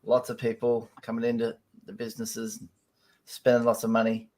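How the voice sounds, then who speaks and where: A man's voice: medium pitch, completely flat delivery, moderate pace, darkish tone. A man from Australia chatting casually about toys, with a just-woken morning voice and frequent laughs. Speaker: guest in a toy collector chat. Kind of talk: casual chat.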